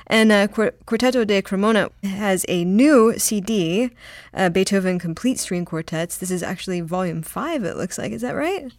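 A woman's voice: mid-range voice, lively intonation, normal speed, dry recording. Curious woman radio host, dry studio. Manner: friendly, curious, laughs easily. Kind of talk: casual radio interview.

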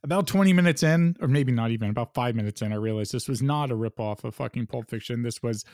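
A man's voice: medium pitch, fast talker, a little mellow, no echo, clean studio sound. A man co-hosting a podcast, chatting casually about movies in a laid-back, hedging way, with lots of "like" and some swearing. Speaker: podcast co-host. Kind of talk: casual profane movie chat.

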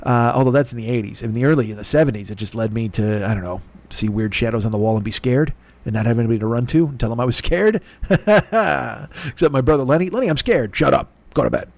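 Hoarse, rambling, profane man. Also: mid-range voice, fast talker, darkish tone. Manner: profane, self-deprecating, digressive. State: rough throat, stuffy nose. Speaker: podcast host. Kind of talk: rambling comedic monologue.

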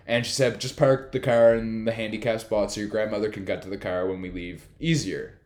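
A man's voice: lowish voice, fairly even intonation, fairly quick, a little mellow. Rambling young man in an echoey room. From New Brunswick, Canada. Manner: rambling, filler-heavy storytelling. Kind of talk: casual storytelling chat.

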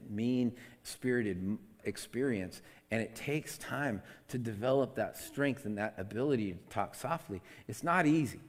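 A man preaching a conversational sermon into a microphone, candid and self-deprecating, with lots of restarts, swinging between loud and soft. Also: lowish voice, big-room sound. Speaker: pastor. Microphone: amplified microphone.

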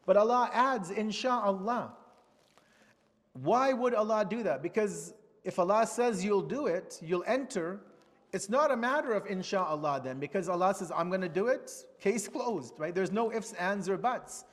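High-voiced man teaching in a reverberant hall. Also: animated, normal speed. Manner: patient, explains step by step, repeating key terms. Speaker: Islamic teacher. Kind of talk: religious lecture.

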